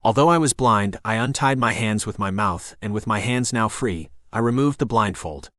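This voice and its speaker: A man narrating a first-person novel as an audiobook in a steady storytelling voice. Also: lowish voice, moderate pace, dry recording, studio quality.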